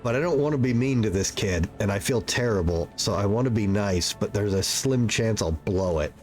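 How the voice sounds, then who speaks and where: A man's voice: on the low side, animated, a little mellow, soft background music. A man streaming a role-playing game live, reacting casually and swearing freely. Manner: casual, profane, quick reactions.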